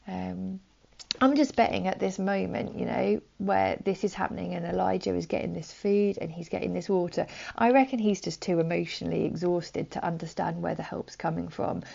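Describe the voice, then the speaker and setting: Woman preacher, low gravelly voice, soft chatty delivery, dull lo-fi sound. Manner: soft, conversational, many likes and ums. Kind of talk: gentle sermon. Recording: dull lo-fi recording.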